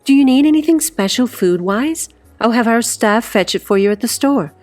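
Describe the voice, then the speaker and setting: A woman's voice: fairly high pitch, expressive, normal speed, a little mellow, dry recording, soft background music, pitched above the performer's own voice, natural voice. A woman voicing a polite, well-spoken wealthy woman with a posh accent, read as a storybook character. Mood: gracious.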